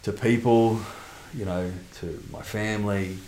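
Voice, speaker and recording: A man's voice: lowish voice, fairly even intonation, unhurried, dark tone, reverberant, slight background noise. A middle-aged man telling a candid personal testimony in conversation, blunt and rambling with restarts and mild swearing. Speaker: interview guest.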